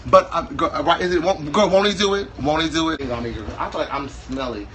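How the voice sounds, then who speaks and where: A man's voice: on the high side, a little fast, a bit bright, slight background noise, low-quality recording. A man in his thirties from Wisconsin, chatting as a guest in a flamboyant, campy, playfully exaggerated way. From Wisconsin, USA. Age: 30s. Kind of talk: casual chat.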